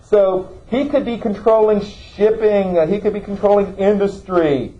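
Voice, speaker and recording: A man's voice: high voice, measured pace, mellow, lo-fi sound. A man teaching a classroom lesson, asking students questions and checking in with "okay?". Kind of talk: classroom lecture.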